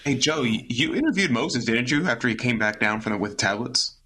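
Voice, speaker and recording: A man's voice: medium pitch, animated, a little fast, bright, forceful tone, slight background noise, poor audio. A man as a talk show guest, making emphatic points while searching for words. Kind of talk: casual talk show discussion.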